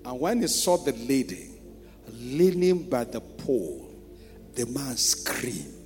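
A man with a Nigerian accent preaching a sermon as pastor, asking the congregation rhetorical questions and swinging between hushed storytelling and loud shouting. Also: mid-range voice, sing-song, slow pace. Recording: reverberant church hall with music.

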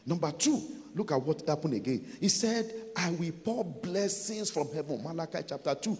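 A man preaching a sermon, building from calm teaching to loud, emphatic declarations. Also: fairly high pitch, moderate pace, big-room sound.

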